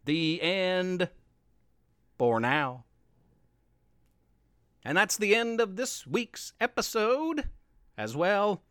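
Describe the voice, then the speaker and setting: Slow playful story narrator, lots of up and down in the voice, dry close sound. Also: medium pitch, clear, resonant tone, no echo. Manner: playful, expressive read-aloud. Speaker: storyteller host.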